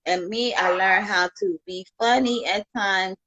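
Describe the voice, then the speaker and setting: Slow-talking heartfelt woman from Chicago. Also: mid-range voice, steady tone, bright, forceful tone, no echo, muffled recording. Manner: heartfelt, rambling, thanks viewers by name, many "you know"s. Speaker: livestream host. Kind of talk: emotional livestream talk to viewers.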